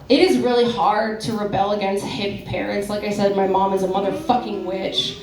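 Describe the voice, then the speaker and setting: A woman's voice: medium pitch, moderate pace, background noise. A young woman performing a stand-up comedy set, rambling and self-deprecating, with a lot of "like" and "um". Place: comedy club stage. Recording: roomy club sound from a distance. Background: audience laughter.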